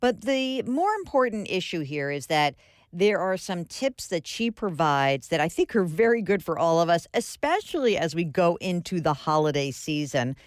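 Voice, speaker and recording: Lively low-voiced woman radio host. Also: normal speed, no echo, studio quality. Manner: chatty and enthusiastic, with frequent fillers. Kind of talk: casual radio interview. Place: radio studio. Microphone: studio microphone.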